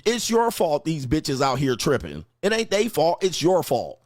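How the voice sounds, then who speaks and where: A man's voice: a little high, huge pitch swings, normal speed, a little mellow, no room sound. Blunt, profane man ranting dry. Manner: blunt, crude, preachy, mocking. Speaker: dating advice host. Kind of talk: profane commentary rant reacting to comments.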